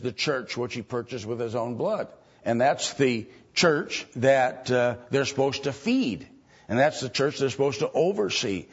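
Slow, halting male Bible teacher. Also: medium pitch, slightly rough. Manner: slow and halting, many ums and restarts. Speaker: preacher. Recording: dull lo-fi recording.

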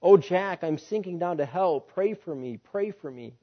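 A man's voice: on the high side, moderate pace, natural voice. A man voicing a harsh, domineering male plantation master who barks stern threats, on a dull lo-fi recording. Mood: desperate.

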